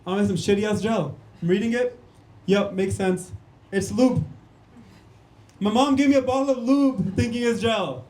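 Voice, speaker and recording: With an extremely high-pitched, darkish voice at normal speed, a young Canadian man works a club stage with a punchy stand-up set. Talking straight to the crowd, he keeps calling them "guys" and "man," in an echoey room.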